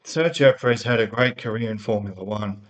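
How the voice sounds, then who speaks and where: A man's voice: on the low side, a little fast. A man ranting unscripted as a motorsport fan vlogger, rambling and heated, often repeating words and restarting his sentences into a laptop mic. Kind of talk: unscripted opinion rant. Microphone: laptop built-in mic.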